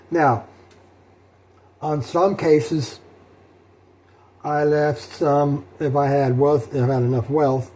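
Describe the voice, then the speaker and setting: A middle-aged man talking through his solo tabletop role-playing session in a rambling, halting way, with many fillers and restarts. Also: medium pitch, warm tone. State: sleepy, yawning. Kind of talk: rambling casual talk.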